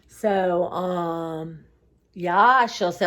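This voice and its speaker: A woman's voice: on the low side, extremely slow, a bit bright. A middle-aged woman vlogging in a casual, rambling way, reflective and heartfelt, tired and close to tears. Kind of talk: casual personal vlog chat.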